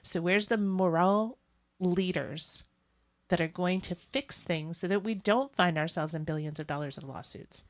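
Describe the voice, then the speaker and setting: Earnest and opinionated, a woman hosts a political talk show and converses with her co-host. Her voice is somewhat low, her delivery conversational and measured in pace.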